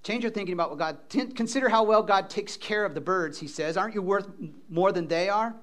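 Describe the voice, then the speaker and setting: A man preaching a sermon as pastor, animated and calling on the congregation to respond. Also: high voice, brisk.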